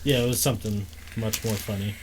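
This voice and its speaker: A man's voice: fairly low pitch, steady tone, a little fast, noisy background. A man co-hosting a podcast, teasing the others and laughing between lines. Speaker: podcast co-host. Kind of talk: crude casual banter.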